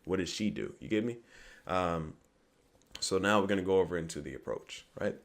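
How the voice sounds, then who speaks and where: A young man with a low, brisk voice rambles through casual dating advice to the camera, often asking "you get me?" He keeps repeating that phrase and acts out the lines he quotes.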